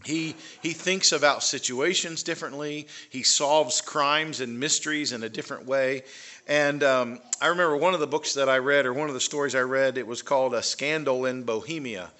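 A man's voice: mid-range voice, moderate pace, sharp tone. A man giving a conversational talk to a live audience, with fillers and rising emphasis on key points. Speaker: speaker.

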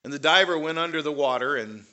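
A man's voice: a little high, fast, pushed and bright. A man giving a conversational talk to a live audience, with fillers and rising emphasis on key points. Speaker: speaker.

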